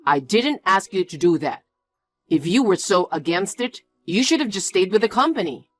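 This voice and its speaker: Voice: medium pitch, lively intonation, normal speed, no room sound, lightly acted. A voice actor playing a stubborn, defensive young man in scripted story dialogue, blunt and bossy. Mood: angry.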